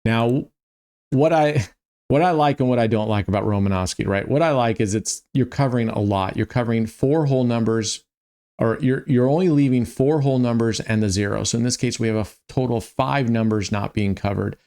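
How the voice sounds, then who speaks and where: A man with a mid-range voice talks casually through roulette bets, thinking out loud. He sounds tired and yawning, and his chat is full of small ums and restarts as he works things out. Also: mid-range voice, brisk. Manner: chatty, thinks aloud, frequent um and restarts. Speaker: online roulette streamer. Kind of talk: casual walkthrough of betting strategies.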